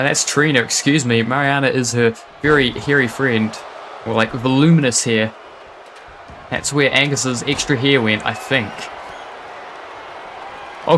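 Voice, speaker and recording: A man calling a wrestling match live, excitable and quick to laugh and exclaim. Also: medium pitch, background noise. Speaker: wrestling commentator. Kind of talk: live play-by-play commentary.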